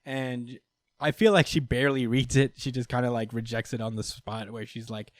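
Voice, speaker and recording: A podcast host with a mid-range voice and fairly even intonation recaps comic books at a moderate pace in a loose, chatty way, swearing freely and laughing between lines. The recording is dry.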